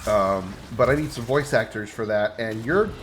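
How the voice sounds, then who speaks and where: A man hosting a gaming livestream, chatting casually with teasing, self-deprecating humor and halting restarts. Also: lowish voice, noisy background. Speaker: streamer host. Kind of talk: casual chat.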